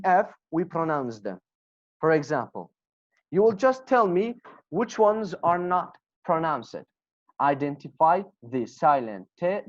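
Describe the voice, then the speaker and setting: Patient low-voiced woman teaching over a video call. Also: a little mellow. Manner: encouraging, repeats words slowly for learners. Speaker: English teacher. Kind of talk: online class teaching. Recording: dull lo-fi video call audio.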